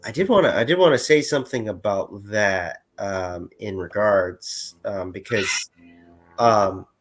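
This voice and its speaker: A man's voice: fairly low pitch, unhurried. A man around thirty, a guest calling into a livestream, talking casually with many fillers and restarts. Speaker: guest caller. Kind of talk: casual chat.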